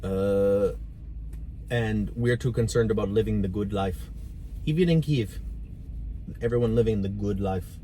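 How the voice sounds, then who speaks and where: A man's voice: fairly low pitch, unhurried, pauses often, mellow, a little hiss or hum. A man talking in a casual sit-down conversation, blunt and ranting, swearing freely. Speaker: volunteer driver and channel host.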